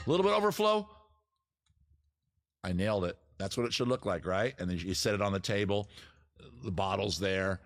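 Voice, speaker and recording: A man's voice: deep voice, no room sound. A man hosting his own live stream, chatting casually to viewers with jokey, self-mocking asides. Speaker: streamer host.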